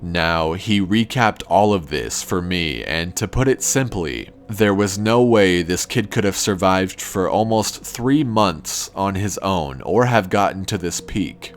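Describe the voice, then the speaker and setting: A man calmly narrating a first-person horror story in a measured, scripted way. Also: low-pitched, soft background music.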